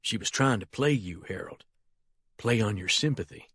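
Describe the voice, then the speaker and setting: A cold, calculating colonel who never raises his voice, as a male narrator plays him. He speaks low and hushed, smooth and sinister, in a dry, intimate reading. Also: lively intonation, moderate pace, no room sound. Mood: quietly menacing. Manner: low, quiet, smoothly menacing.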